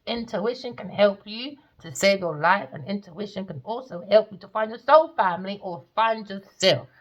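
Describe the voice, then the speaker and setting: A woman's voice: medium pitch, moderate pace, highs cut off. Blunt, sweary woman. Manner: blunt, swears freely, animated. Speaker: tarot reader. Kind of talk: casual storytelling monologue.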